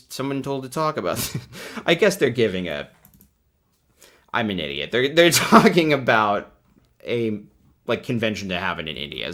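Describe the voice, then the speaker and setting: A man's voice: medium pitch, fairly bright tone. A man hosting a casual livestream, reading out anecdotes and riffing on them with sarcastic, self-deprecating asides. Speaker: host of a commentary channel.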